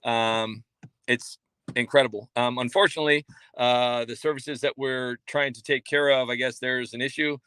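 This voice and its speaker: A man's voice: mid-range voice, smooth, no room sound. Rambling man hosting a casual livestream. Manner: rambling, halting, many fillers and restarts; self-mocking deadpan humor. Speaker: livestream host reading chat. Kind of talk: casual live chat. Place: coffee shop.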